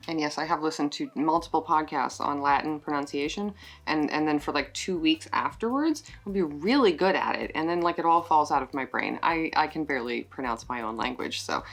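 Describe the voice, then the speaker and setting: A woman vlogging an unboxing of plant gifts, emotional and excited, swearing in delight and stumbling over plant names. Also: low voice. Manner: profanity-laced exclamations. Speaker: plant YouTuber. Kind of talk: unboxing vlog chat.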